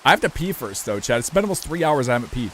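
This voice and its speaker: Young male streamer, casual and profane, lively pitch, faint rain noise behind. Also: quick pace. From United States. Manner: rambling, loose and profane, talks to chat. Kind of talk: casual live-stream chat while gaming.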